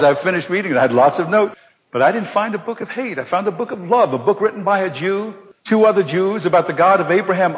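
A middle-aged man telling a personal testimony to a live audience, animated and acting out the voices of the people in his story. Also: sits high. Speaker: speaker giving a personal testimony. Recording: dull recording in a large reverberant hall.

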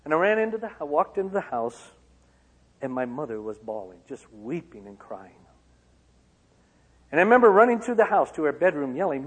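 A man from Michigan giving a personal testimony to an auditorium, swinging from loud outbursts to hushed lines. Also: a little high, big pitch swings, normal speed, pauses often, slightly rough. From Michigan, USA. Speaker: speaker. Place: large auditorium. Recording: long hall reverb.

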